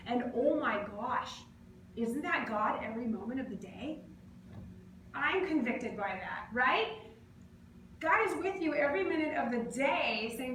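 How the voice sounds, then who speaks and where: A woman giving a casual, conversational sermon in a church, animated and playfully acting out other people's voices. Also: sits high, unhurried. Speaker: preacher. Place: church sanctuary. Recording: echoey church room, faint noise.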